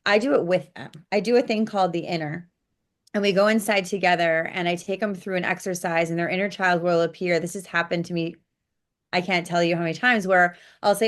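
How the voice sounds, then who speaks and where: A woman spiritual coach, a podcast guest, telling client stories in an animated, blunt way, swearing casually and acting out quotes. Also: fairly low pitch, fast. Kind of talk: interview storytelling.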